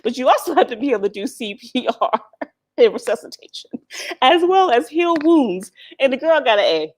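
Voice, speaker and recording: A woman's voice: high-pitched, sing-song, moderate pace. A middle-aged woman chats on a live stream through a phone or webcam mic. Her voice swoops up and down as she laughs often and speaks bluntly. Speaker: vlogger hosting a live stream. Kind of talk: casual live-stream chat.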